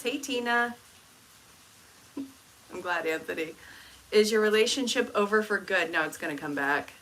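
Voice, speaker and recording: A woman reading tarot on a live stream, answering viewers' questions in a casual, chatty way with dry, deadpan humor. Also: mid-range voice, a little hiss or hum, poor audio. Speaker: tarot reader and life coach.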